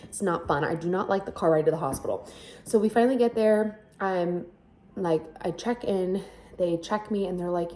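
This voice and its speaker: A woman in her thirties telling a personal story in a chatty, animated way, laughing, swearing and acting out what people said. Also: fairly low pitch, brisk. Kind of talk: casual storytelling.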